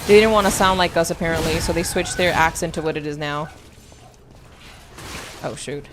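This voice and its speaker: A woman's voice: low-pitched, moderate pace, over music. Playful woman streamer. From United States. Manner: playful, chatty, reads and answers chat. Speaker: VTuber streamer. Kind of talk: casual gameplay stream chat.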